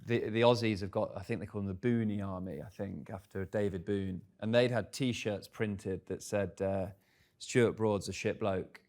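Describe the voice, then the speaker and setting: A man's voice: fairly low pitch, fairly even intonation, normal speed, darkish tone. A man, speaking candidly on stage at a live event and telling self-deprecating stories. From England. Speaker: guest speaker.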